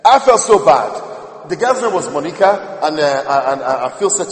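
A man's voice: on the high side, very animated, moderate pace. A man preaching a sermon as a minister, chatting with asides to his congregation. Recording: echoey hall with long reverb.

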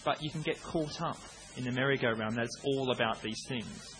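A man in his late thirties preaching a conversational sermon, breaking into acted-out shouts now and then. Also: medium pitch, moderate pace, slight background noise, poor audio. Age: 30s.

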